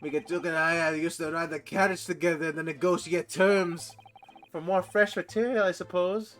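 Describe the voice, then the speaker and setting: A man reading the lines of an older male prison governor, in a low, slow and measured way. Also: steady tone, fairly bright tone, natural voice. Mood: gruff.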